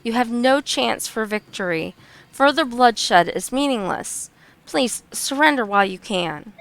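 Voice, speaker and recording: Woman reading as a young woman general, earnest, pleading for peace, hoarse, gravelly, slightly high. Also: expressive, unhurried, fairly bright tone, exaggerated voice. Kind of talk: reading game dialogue aloud.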